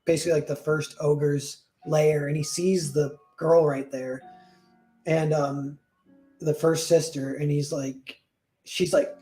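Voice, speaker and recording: A man's voice: on the high side, flat delivery, slow pace, warm tone, soft background music. A man casually retelling a fairy tale, rambling with lots of "like" and correcting himself as he goes. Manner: rambling, full of "like" and self-corrections. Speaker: storyteller.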